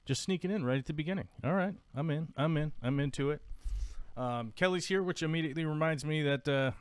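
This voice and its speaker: A man's voice: a little high, fairly quick, clear, resonant tone, no room sound. A man hosting a casual live stream, chatting in a goofy, rambling way and greeting viewers in the chat by name. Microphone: desk microphone.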